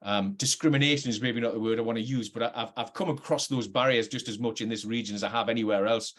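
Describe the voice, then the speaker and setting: A middle-aged actor from North East England, with a working-class Geordie accent, talks to camera about his career. His mid-range voice is steady, fast and a little bright, and he reflects earnestly but hesitantly, often restarting sentences.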